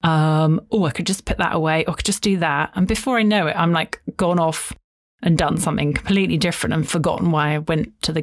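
Chatty woman podcast host. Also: lowish voice. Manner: chatty, rambling, acts out inner thoughts in quick asides. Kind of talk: solo podcast talk.

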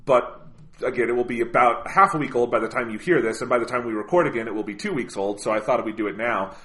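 A man co-hosting a podcast in casual chat, animated and swearing freely, with lots of "like" and "you know". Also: mid-range voice, fast. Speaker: podcast co-host.

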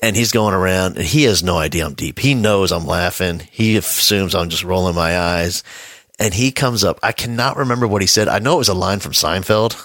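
Deep-voiced man telling a story in a dry room. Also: brisk, fairly bright tone, no echo. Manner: laid-back storyteller, chuckles mid-sentence. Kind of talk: casual podcast conversation.

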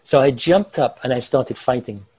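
A man vividly recounting a personal ordeal in an interview, animated and chuckling through the tense parts. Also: medium pitch, moderate pace, husky, no room sound, rough recording. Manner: animated, gestures while talking, chuckles through tense moments. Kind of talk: vivid first-person storytelling.

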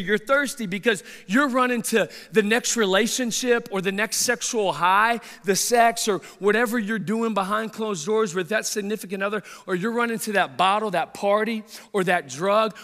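A man preaching a sermon, telling a story in an animated way and stumbling over repeated words. His voice is high and bright. The sound rings with the long reverb of a large hall.

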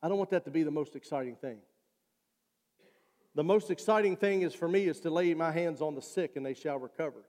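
A man's voice: a little high, fairly quick, a little mellow. A male pastor preaching a sermon and leading an altar call, earnest and repeating his appeals. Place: church sanctuary. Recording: long church reverb.

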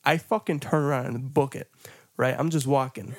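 A man's voice: medium pitch, fairly even intonation, a little fast. A man on a podcast telling an embarrassing story in casual, profane chat, breaking into laughter and acting out what he said. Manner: profane, laughing storyteller who acts out his own lines. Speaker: podcast co-host.

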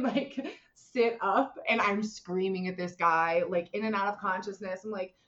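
Young woman, casual animated storyteller with lots of "like"s, slightly muffled recording. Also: mid-range voice, normal speed. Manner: animated, many fillers, acts out voices in quotes. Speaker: guest telling a personal story.

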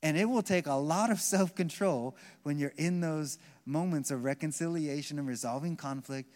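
A man with an American accent preaching a live sermon as pastor, swinging between soft, slow passages and loud, emphatic ones. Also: a little high. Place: large church hall with long reverb. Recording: live church recording with long hall reverb.

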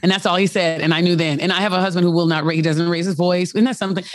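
A woman's voice: lowish voice, fairly even intonation, racing, no room sound. Radio host lady just chatting, tells stories, laughs a lot, dry close sound. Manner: candid, storytelling, laughs often. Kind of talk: casual chat.

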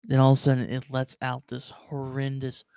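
A man's voice: mid-range voice, monotone, brisk, gravelly, a little mellow, clear, resonant tone, no room sound. Male game master, mid-range voice, loose rambling narration, dry close mic. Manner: rambling, heavy with "like".

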